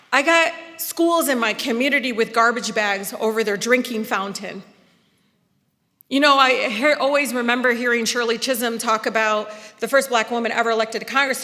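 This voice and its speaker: A woman, giving an impassioned political speech from a podium, rising to loud, emphatic peaks. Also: a little high. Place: large hall. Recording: long reverb of a large hall.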